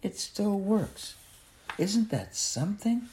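A man's voice: high voice, big pitch swings, slow pace, dark tone, a little hiss or hum, voice pushed up, exaggerated voice, rough recording. A man voicing a chirpy older neighbor lady. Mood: amazed.

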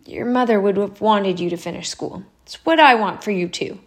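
A woman reading a storybook aloud, voicing a kind, earnest shopkeeper father who speaks gently. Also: mid-range voice, normal speed, lightly acted. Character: kind, proud middle-aged shopkeeper father. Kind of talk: storybook narration.

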